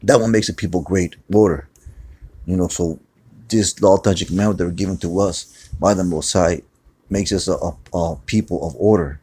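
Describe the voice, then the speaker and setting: A man's voice: deep voice, fairly even intonation, moderate pace, mellow, slightly rough. A man teaching scripture in a loose, conversational way, repeating words and often saying "man". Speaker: preacher. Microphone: phone screen recording.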